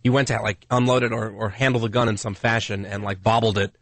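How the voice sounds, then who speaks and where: A man on a radio show explaining a report quickly, hedging as he goes. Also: fairly low pitch, flat delivery, dry recording.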